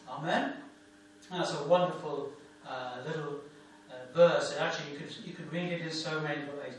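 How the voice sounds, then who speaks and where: A man's voice: on the high side, moderate pace. A man preaching a sermon as a pastor, with an emphatic, repetitive cadence. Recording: echoey room, distant mic, faint hum.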